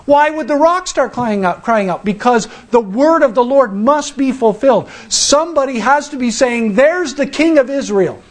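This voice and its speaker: A man's voice: very high-pitched, lively intonation, normal speed, few pauses. A man preaching a sermon in a conversational, storytelling way, often restarting his sentences. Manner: conversational, acts out the people in the story; frequent restarts and fillers. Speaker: pastor.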